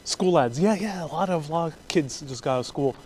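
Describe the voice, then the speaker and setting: A man's voice: fairly high pitch, brisk, darkish tone, slightly rough. A man hosting a live walking-tour vlog on city streets, chatty and joking as he talks straight to his viewers. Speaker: travel vlogger host.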